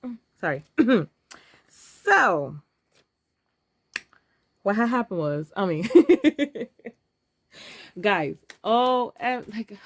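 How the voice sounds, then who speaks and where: A woman's voice: fairly high pitch, very animated, very slow, long pauses, no echo. A woman in her thirties, talking casually and emotionally to camera while counting cash aloud. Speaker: vlogger.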